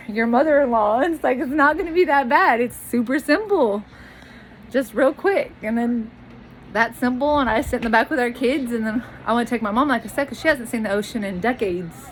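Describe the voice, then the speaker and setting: A woman's voice: a little high, slight background noise, rough recording. A woman venting to her camera in a blunt, rambling monologue, swearing freely and repeating herself. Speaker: vlogger.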